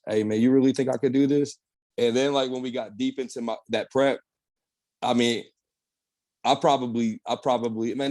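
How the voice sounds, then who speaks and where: On a podcast, a young male bodybuilder with a medium-pitched voice and no echo in the recording spins animated, easygoing stories. Expect plenty of swearing and slang, plus frequent uses of "bro" and "man," in this relaxed storytelling interview.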